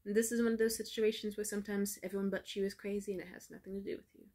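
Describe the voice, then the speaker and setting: A woman's voice: medium pitch, racing. A young adult woman telling a long story on her vlog in a casual, profane rant full of "like" fillers. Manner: profane, heavy filler words, animated retelling. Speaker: vlogger.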